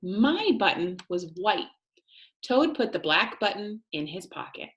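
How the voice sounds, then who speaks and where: A woman teacher reading a storybook aloud and explaining it to students, asking them gentle questions. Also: medium pitch, big pitch swings, measured pace, highs cut off.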